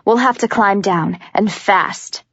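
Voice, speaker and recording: A woman voicing a calm, practical young man who leads an escape in an audiobook. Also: high-pitched, slow pace, slightly rough, no echo, highs cut off, heavily acted. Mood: calm urgent.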